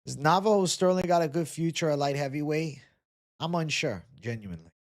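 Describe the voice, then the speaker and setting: A man's voice: a little high, fairly quick. A man hosting a casual livestream, reading chat comments aloud and joking in a laid-back way with casual swearing. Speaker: livestream host.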